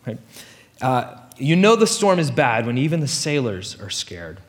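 A man preaching to his congregation, his pitch swinging up and down as he retells stories. He keeps the tone casual and playful, and a long reverb from the hall trails behind each phrase. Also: unhurried. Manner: casual, animated storytelling with playful asides. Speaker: pastor. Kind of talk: sermon.

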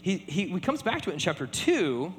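A man preaching a sermon in a relaxed conversational way, often checking in with "right?". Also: sits high, brisk, in a large hall, a little hiss or hum. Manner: conversational, many fillers and repeated tag questions. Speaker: pastor.

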